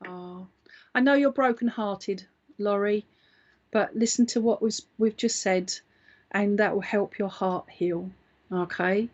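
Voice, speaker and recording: A woman's voice: mid-range voice, slow, lo-fi sound. A woman working as a psychic medium, giving a live reading in a chatty, reassuring way and often checking in with her listener.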